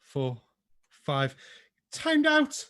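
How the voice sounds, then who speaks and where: A man's voice: very high-pitched, wildly swooping pitch, extremely slow, a bit bright, dry recording, studio quality. A man hosting a pub quiz over a video call, chatting casually with sarcastic asides and the odd swear word.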